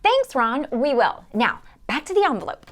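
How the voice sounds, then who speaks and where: High, animated female quiz host in a church skit, gasps and exclaims. Woman plays her. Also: moderate pace. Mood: excited. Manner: excitable, gasping, talks to the kids watching. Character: enthusiastic young woman quiz-show host. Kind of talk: amateur stage skit.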